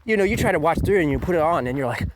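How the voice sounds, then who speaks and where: A man's voice: a little high, animated, very fast, background noise. A man giving a crude, mocking countdown rant as an anime reviewer, swearing often and sneering at fans. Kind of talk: ranting countdown commentary.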